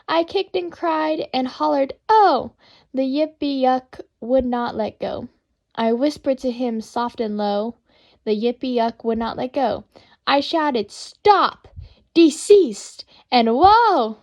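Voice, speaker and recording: A woman reading children's poems aloud in a playful, expressive, sing-song way. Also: high-pitched, dull audio.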